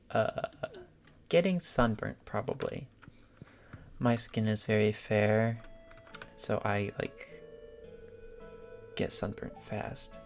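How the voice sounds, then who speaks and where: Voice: mid-range voice, expressive, slow, pauses often, soft background music. A gaming channel host giving casual let's-play commentary, rambling and thinking aloud with filler words.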